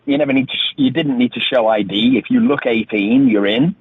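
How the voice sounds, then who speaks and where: A man's voice: mid-range voice, huge pitch swings, a little fast, gravelly, husky. Man on a tinny phone line. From northern England. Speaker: guest. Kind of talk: phone-in radio interview.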